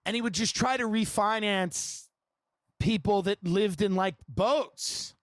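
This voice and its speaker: A man's voice: high-pitched, slow pace, no room sound. A man hosting a podcast, telling rambling comic anecdotes and breaking into laughter. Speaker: podcast host. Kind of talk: comedic storytelling.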